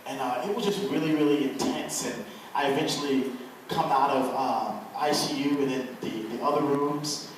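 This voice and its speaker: A young man shares his testimony in an earnest, halting way, full of fillers and restarts. His voice sounds distant from the mic, in a very echoey room with a faint hiss behind it. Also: mid-range voice, fairly even intonation. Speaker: guest telling his testimony. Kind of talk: personal testimony to an audience.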